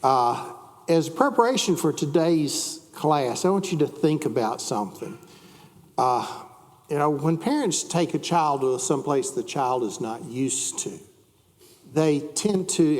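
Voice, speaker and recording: A man's voice: medium pitch, a little mellow, long reverb tail. A man teaching a church Bible class, chatting with the class, asking them questions and reading scripture aloud.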